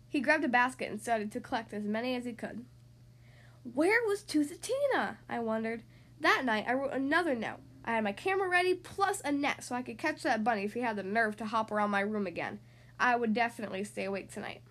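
A woman hosting a children's podcast, reading a picture book aloud in an expressive, animated way. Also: fairly high pitch, brisk. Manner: animated and expressive, acting out the characters. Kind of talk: storybook read-aloud.

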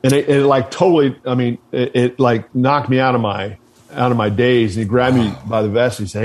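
A man of ordinary pitch tells a story from his service days in a loose, conversational way. He is blunt and swears freely, and he often trips over and restarts his sentences. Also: fairly even intonation, fairly quick, darkish tone. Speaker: guest, military veteran. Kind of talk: casual storytelling.

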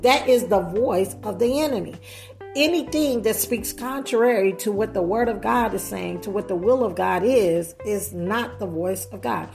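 A woman's voice: mid-range voice, normal speed, creaky, darkish tone, soft background music. A woman preaching a sermon earnestly, putting rhetorical questions to her listeners.

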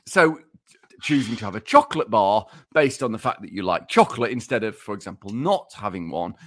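His fairly low voice is brisk and fairly bright, with big pitch swings. As a podcast co-host in casual banter, he presents research by teasingly reading it out like a mock lecture and laughs as he goes.

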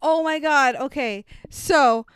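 A woman co-hosting a podcast, casually recapping a movie in an animated, profane way that is full of laughs. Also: high-pitched, slow, no echo. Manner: animated, profane, laughs often, acts out quotes. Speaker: podcast co-host.

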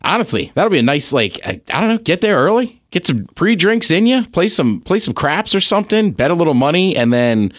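Man, podcast co-host, casual chat, jokey, laughs a lot, higher voice. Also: big pitch swings, fairly quick, hardly any pauses, no room sound, studio quality. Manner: joking, laughs often.

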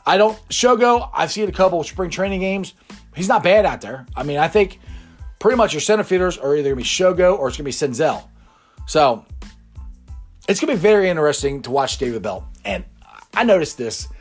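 Animated, chatty sports show man. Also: on the high side, fairly quick, soft background music. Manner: rambling and chatty, laughs often. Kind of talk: casual sports talk.

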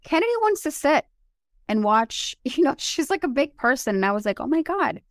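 A woman in her forties, born in Colombia, telling animated and emotional stories as a podcast co-host. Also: sits high, a little fast, no room sound, studio quality. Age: 40s. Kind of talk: casual chat.

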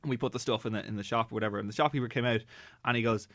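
A man's voice: mid-range voice, racing, no echo, studio quality. An Irish man telling a rambling comic story on a podcast, acting out the people in it. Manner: rambling anecdotal, acts out quoted people.

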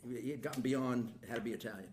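A man's voice: medium pitch, fast talker, darkish tone. Older guy, chatty storyteller, does his relatives' voices, roomy sound, faint hiss. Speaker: guest. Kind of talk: casual storytelling chat. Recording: roomy room echo.

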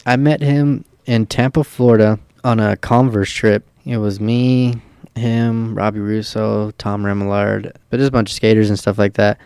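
A young man chats casually, his voice low-pitched and clean. He spins rambling stories thick with swearing and filler words. The sound is dry and close to the mic. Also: fairly even intonation, normal speed, a little mellow, clear, resonant tone, no echo. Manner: loose and profane, full of fillers. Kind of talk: casual storytelling.

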